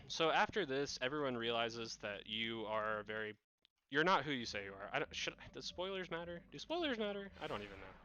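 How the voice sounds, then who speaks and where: A man's voice: medium pitch, animated, a little fast, bright, forceful tone, muffled recording. A man co-commentating on a game run in a casual, rambling way, often correcting himself. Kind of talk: live gameplay commentary.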